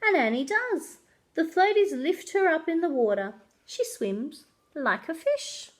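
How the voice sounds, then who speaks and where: A woman's voice: very high-pitched, a little slow. A woman reading a children's chapter book aloud as a librarian, telling it expressively and doing voices. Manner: expressive, animated storytelling with voices. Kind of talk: children's story read-aloud.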